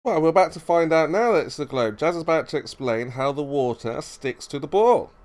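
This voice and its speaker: A man runs a casual online debate, his voice sitting a little high. He keeps pressing the same question, steady and insistent, without letting it drop. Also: brisk. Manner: persistent, repetitive questioning. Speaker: host.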